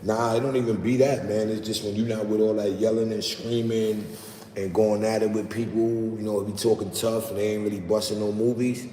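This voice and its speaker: Low-voiced New York man chatting on a livestream. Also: flat delivery, a little fast, dark tone. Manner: loose, talkative street slang, reading chat aloud. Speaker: livestream host. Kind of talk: casual livestream chat. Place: outdoors in the city, rain starting. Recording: roomy echo with long reverb, faint background noise.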